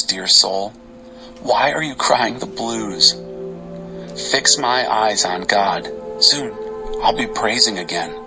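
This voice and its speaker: Man, scripture reader, dramatic reading, expressive, low voice, faint music behind. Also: poor audio. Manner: expressive, varied delivery.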